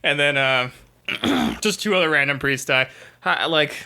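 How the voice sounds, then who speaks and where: A man's voice: fairly high pitch, lively intonation, measured pace, gravelly, sharp tone. Rambling, swearing young man reviewing a film. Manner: rambling, swears, acts out movie lines in silly voices. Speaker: podcast co-host. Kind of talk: casual movie review chat.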